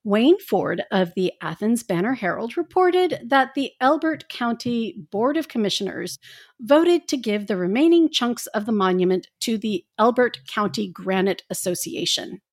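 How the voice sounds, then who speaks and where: A woman's voice: on the high side, animated, normal speed. A woman co-hosting a podcast, reading news in casual chat with sarcastic asides. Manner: sarcastic, swears freely. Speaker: podcast co-host.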